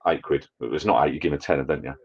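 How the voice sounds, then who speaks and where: Low-voiced chatty bloke, lo-fi. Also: male voice, very fast, a little mellow, breathy edge. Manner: chatty, rambling, matey. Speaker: vlogger hosting a live chat. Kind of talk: rambling casual live-stream chat. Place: garden bar shed.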